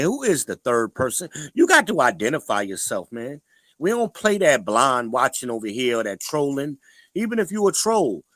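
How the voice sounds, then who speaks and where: A man's voice: mid-range voice, pushed and bright, no room sound, poor audio. A man hosting a casual livestream, talking bluntly and preachily to the viewers in the chat. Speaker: livestream host.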